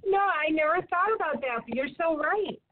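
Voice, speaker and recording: A woman's voice: very high-pitched, expressive, brisk. A woman hosting an interview who responds to her guest in an encouraging way. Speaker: interview host. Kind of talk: interview chat. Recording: tinny phone-like line.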